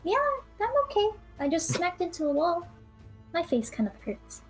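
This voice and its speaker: A high, hesitant young bird-girl adventurer, as a woman player puts her on, timid and stammering through her words. Soft music plays faintly behind her. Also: sing-song, normal speed. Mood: shaken. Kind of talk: tabletop role-play in character.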